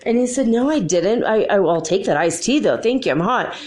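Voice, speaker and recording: A woman's voice: medium pitch, expressive, fairly quick, a little mellow, faint music behind. A woman hosting a show, telling a personal ghost story in a casual, chatty way and acting out the quoted dialogue. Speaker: podcast host.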